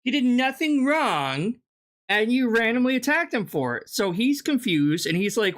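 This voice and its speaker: Reaction streamer, sarcastic, mocking, swears freely, mid-pitched voice. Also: very animated, normal speed. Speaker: commentary streamer.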